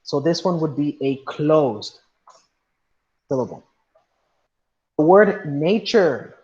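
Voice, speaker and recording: A man's voice: fairly high pitch, expressive, slow pace, a little mellow. Patient male teacher, dull lo-fi sound. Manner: patient, questioning, mixes in Spanish. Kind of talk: online class lesson. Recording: dull lo-fi audio.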